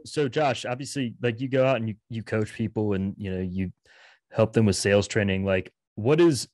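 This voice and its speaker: A man's voice: fairly low pitch, no echo. A man co-hosting a podcast, asking loose, rambling questions in a casual chat. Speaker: podcast co-host.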